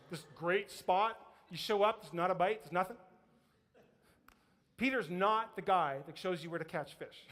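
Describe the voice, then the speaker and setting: Animated high-voiced pastor in echoing hall. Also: male voice. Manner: animated storytelling, acts out voices, laughs often. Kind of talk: sermon. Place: church sanctuary.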